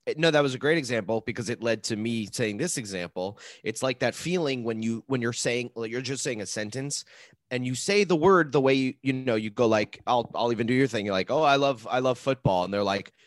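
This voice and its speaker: A man's voice: medium pitch, fairly quick, no room sound, studio quality. A man co-hosting a podcast, telling rambling stories in casual chat and acting out little voices. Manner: rambling, animated storytelling with playful voices. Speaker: podcast co-host.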